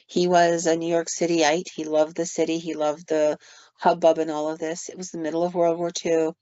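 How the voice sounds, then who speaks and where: A woman's voice: sits low, little pitch movement, moderate pace, dark tone, clean tone, dry recording. Woman co-host spinning ghost tales in a loose, chatty way; muffled dry recording. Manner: casual retelling with fillers and quoted asides. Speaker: podcast co-host telling ghost stories. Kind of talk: storytelling on a podcast. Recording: dull lo-fi dry sound.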